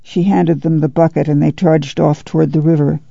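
A narrator reading a novel aloud in a measured storytelling manner. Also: medium pitch, flat delivery, gravelly, warm tone, no echo, highs cut off. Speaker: audiobook narrator. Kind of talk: scripted narration.

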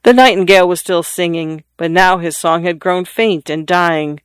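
A narrator reading a classic story aloud in a measured, descriptive way. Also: medium pitch, fairly bright tone, clear, resonant tone, no room sound. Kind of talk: scripted audiobook narration.

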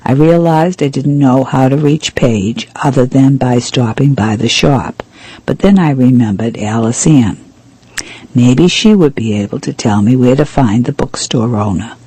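Guy reading a mystery book out loud, mellow warm tone, steady pace. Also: medium pitch, a little slow, slightly rough, dry recording, low-quality recording. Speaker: audiobook reader. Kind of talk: reading a mystery novel aloud.

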